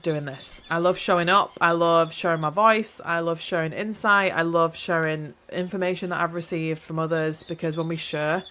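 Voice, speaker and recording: A woman's voice: fairly low pitch, fairly even intonation, moderate pace, few pauses, a bit bright. A woman hosting a solo podcast, talking in a reflective, encouraging, rambling way and often correcting herself mid-sentence. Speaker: podcast host.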